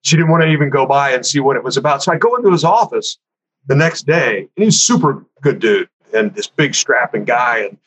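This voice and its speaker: A man casually telling a story from his career, animated and conversational, acting out what other people said. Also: mid-range voice, a little fast, low-quality recording. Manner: animated, acts out other people's lines in a raised voice; conversational, frequent fillers like "you know" and "man".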